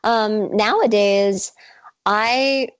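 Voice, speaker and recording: A woman's voice: mid-range voice, drawn-out words, dry recording. A woman who works as a mindset coach and author, talking enthusiastically as a guest on a radio interview. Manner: enthusiastic, effusive, smiling as she talks.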